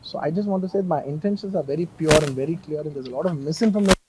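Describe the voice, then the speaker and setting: Fast-talking emotional man. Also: on the high side, noisy background. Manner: earnest, emotional, insistent with many repetitions. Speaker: film actor at a press conference. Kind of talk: press conference statement.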